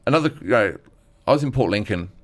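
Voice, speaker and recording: A man's voice: lowish voice, lively intonation, fast talker. A man, a stand-up comedian telling personal stories in an earnest, rambling way as an interview guest. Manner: earnest, rambling, acts out others' lines. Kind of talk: candid storytelling chat.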